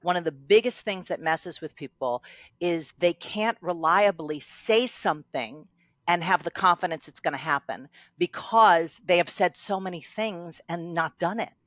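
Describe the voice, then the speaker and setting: A woman's voice: fairly low pitch, moderate pace, a bit bright, no room sound. A middle-aged woman coach in a casual conversation, telling stories and acting out quoted lines with animation. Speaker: guest coach.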